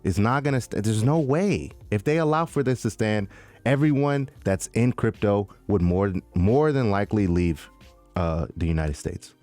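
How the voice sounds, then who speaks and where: Low-voiced animated podcast co-host guy. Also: moderate pace, soft background music. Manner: animated, slangy, says "man" and "dude" a lot. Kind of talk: casual chat.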